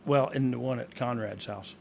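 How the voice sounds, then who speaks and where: A man's voice: mid-range voice, normal speed, gravelly, a little hiss or hum. A man co-hosting a podcast in casual chat, joking around, making up silly stories and laughing often. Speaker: podcast co-host.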